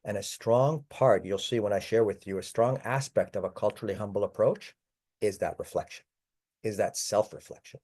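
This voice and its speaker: Man, mellow tone, lowish voice, conversational webinar presenter. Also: normal speed, breathy edge. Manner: conversational, addresses audience as folks. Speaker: palliative care presenter. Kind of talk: online webinar talk.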